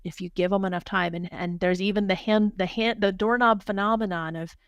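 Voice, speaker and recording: A woman who is a hospital doctor, speaking as a guest in a podcast interview, talking fast and earnestly, with many restarts and repeated words. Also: medium pitch, fairly even intonation, clear, resonant tone, dry recording, lo-fi sound. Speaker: hospital physician executive, guest.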